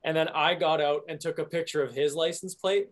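A young man hosting a casual chat, telling an animated story and laughing at it. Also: on the high side, brisk. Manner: animated storyteller, laughs at his own stories.

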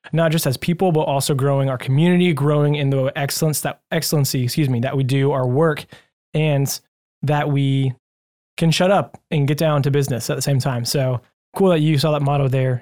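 A male podcast host with a slightly higher-pitched voice, running a loose, friendly interview. He sounds upbeat and chatty and fires off questions with plenty of enthusiasm. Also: a little mellow.

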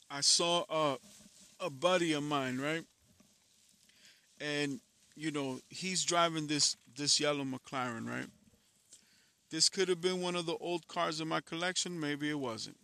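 A man's voice: a little high, pushed and bright, no echo. A man who is a musician, giving a blunt, profane, candid personal monologue, frustrated and reflective.

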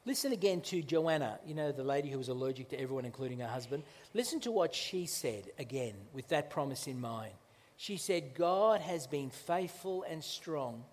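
A male pastor delivers a sermon conversationally in a church, restarting often and stretching certain phrases out slowly for emphasis. His medium-pitched voice is animated and a little mellow, with a big-room sound.

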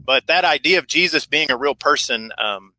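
A man's voice: on the high side, lively intonation, normal speed, sharp tone, dry recording, low-quality recording. A man sharing reflective stories about faith in a casual discussion. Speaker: camp worker.

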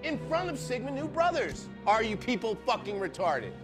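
A man's very high-pitched, sing-song voice at normal speed plays a furious young woman who is a sorority officer. In this dramatic reading over loud music, she rants and swears, seething and building to screaming.

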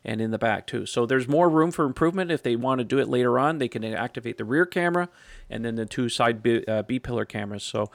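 A man's voice: medium pitch, lively intonation, fast talker, creaky, no room sound, clean studio sound. A man hosting a casual podcast chat, talking in a laid-back, rambling way that trails off into mumbles. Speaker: podcast host.

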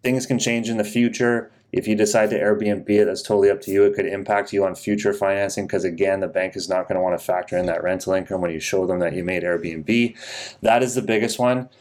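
A man with a low voice explains mortgage lending on a casual podcast. His delivery is measured and matter-of-fact, steady rather than showy. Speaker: podcast co-host, mortgage broker.

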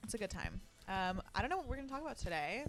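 A woman's voice: medium pitch, big pitch swings, very fast, faint music behind. A young woman hosting a casual podcast, bubbly and full of fillers and casual swearing, with a sleepy voice. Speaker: podcast host. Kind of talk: casual chat. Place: at home, sitting on the floor.

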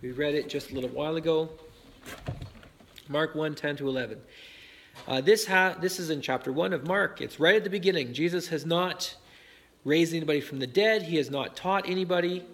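Conversational male preacher, higher-pitched. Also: fairly quick, a bit bright. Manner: conversational preaching with frequent fillers and "right?" check-ins. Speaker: pastor. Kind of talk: sermon.

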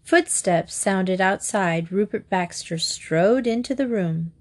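A woman narrating a comic novel in a wry, expressive audiobook reading. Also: mid-range voice, slow pace.

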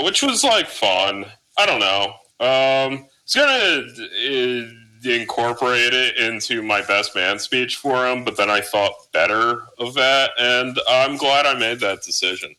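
A man's voice: medium pitch, bright, forceful tone, clear, resonant tone, rough recording. A man in his thirties hosting a podcast, chatting casually with rambling, profane, sarcastic asides. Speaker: podcast host.

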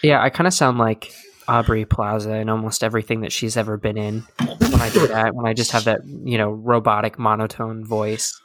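A young man hosts a podcast in a loose, casual chat, packing his talk with fillers and poking fun at himself. His voice sits on the low side with a steady tone and a fairly bright quality, and he speaks fairly quickly.

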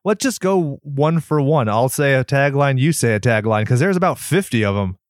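A man's voice: medium pitch, expressive, moderate pace, no room sound, studio quality. A man co-hosting a horror movie podcast, chatting casually in a playful, sarcastic way and swearing freely. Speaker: podcast co-host. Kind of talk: casual chat.

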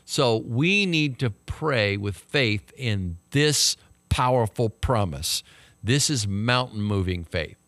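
Pastor teaching a dry, close Bible study. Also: male voice, on the low side, lively intonation, slow pace, a bit bright, no echo. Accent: Texan. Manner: conversational teaching, talks to the class with "okay?" and "right?". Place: church study group, small room.

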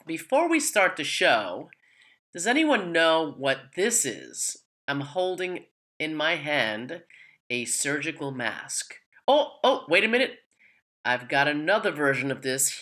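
Bright-toned low-voiced woman podcast host. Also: rough recording. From New York / New Jersey area. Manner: chatty, rambling with fillers and occasional laughs. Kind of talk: casual podcast hosting.

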